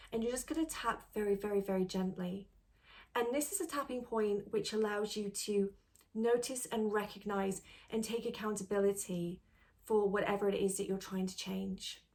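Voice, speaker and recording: A woman guides beginners through a tapping routine, calm and reassuring. She explains each step gently and clearly, like a patient coach talking to one person. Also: mid-range voice. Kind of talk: instructional tutorial.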